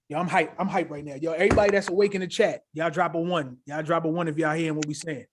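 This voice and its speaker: A man co-hosting a casual crypto livestream, talking in an animated, hyped way with a habit of tagging "right?" onto his sentences. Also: on the high side, a little hiss or hum. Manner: animated, hyped, repeats himself with filler "right?". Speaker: crypto show co-host.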